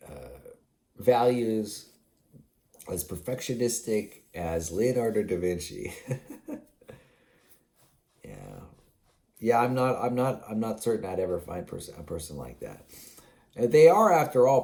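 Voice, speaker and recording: Musing, sleepy, low-voiced man. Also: big pitch swings, unhurried, pauses often, mellow. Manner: musing, meandering, chuckles often, many fillers and restarts. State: yawning, sleepy. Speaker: vlogger. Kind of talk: rambling solo monologue.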